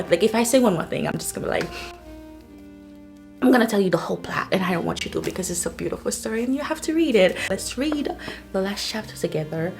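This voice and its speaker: A woman's voice: medium pitch, a little mellow. A woman book vlogger chatting casually and gushing about a novel, with lots of "like" fillers. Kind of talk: casual book review chat.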